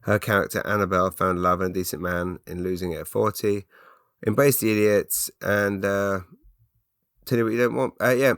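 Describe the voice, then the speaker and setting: A low-voiced man hosts a relaxed podcast Q&A, reading listener messages aloud and reacting as he goes. He talks in stop-start bursts and restarts his sentences often. The recording is close and dry, with no room echo. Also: normal speed, clear, resonant tone. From England. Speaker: podcast host.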